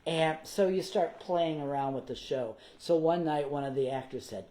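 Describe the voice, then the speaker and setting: A man, a guest performer, telling theater anecdotes in a casual interview, animated and theatrical. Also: on the high side, normal speed, hardly any pauses, poor audio. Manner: animated, theatrical, slips into character voices.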